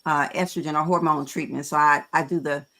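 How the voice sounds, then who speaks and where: A woman in her fifties hosting a panel, talking frankly and conversationally with frequent pauses to gather her words. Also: low voice, steady tone, sharp tone. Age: 50s. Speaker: host.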